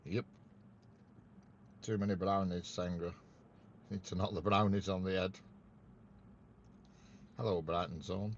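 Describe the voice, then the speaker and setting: A man's voice: low-pitched, steady tone, measured pace, pauses often. A man with a Northern English accent hosting a casual railway live stream, reading viewer comments aloud and teasing them with dry banter. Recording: dull lo-fi audio with faint background noise.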